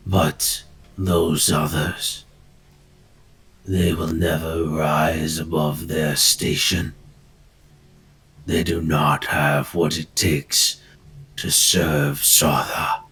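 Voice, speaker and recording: A man voicing a solemn male cultist with unblinking yellow eyes, speaking slowly and gravely as if preaching. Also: a bass voice, fairly even intonation, heavily acted.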